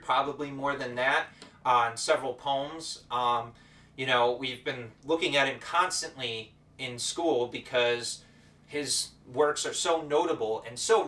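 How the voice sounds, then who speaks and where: A man teaching as the host of an educational show, talking in a playful, energetic showman style with repeated greetings. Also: medium pitch, measured pace. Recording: roomy echo, voice distant from the mic.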